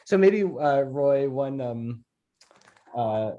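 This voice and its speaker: A man's voice: medium pitch, expressive, very slow, warm tone, dull audio. A man moderating an online question-and-answer session over a video call, talking in a friendly way with fillers. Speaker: presentation host.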